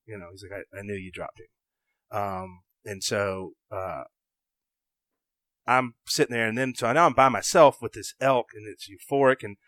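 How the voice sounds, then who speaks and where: Excitable Southern man telling a story. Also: lowish voice, normal speed, no room sound. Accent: Southern American. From American South. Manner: excitable, self-interrupting, acts out his own inner voice. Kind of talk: animated casual storytelling.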